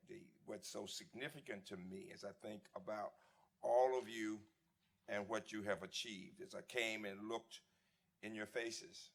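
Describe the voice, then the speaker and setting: A man in his seventies speaks at a memorial service, reflective and warmly reminiscing. His talk has natural restarts and an unhurried, heartfelt pace. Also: on the low side, vocal fry. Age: 70s. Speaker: eulogy speaker, former dean. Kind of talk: memorial tribute speech.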